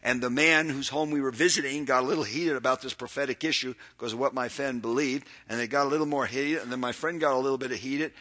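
A man, older, preaching a sermon, earnestly reading verses and moving between loud emphatic bursts and quiet, drawn-out phrases. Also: medium pitch, fairly even intonation.

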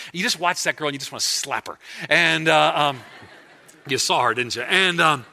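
A man preaching a sermon as pastor in a church, animated and emphatic, often restarting his phrases. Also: mid-range voice, normal speed, creaky. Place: church before a congregation.

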